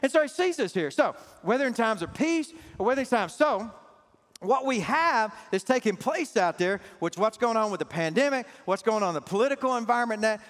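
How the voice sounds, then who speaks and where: A man preaching a sermon to his congregation, emphatic and calling out to the people. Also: sits high. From Southern US. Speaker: pastor. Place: large church sanctuary. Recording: reverberant church hall, faint music.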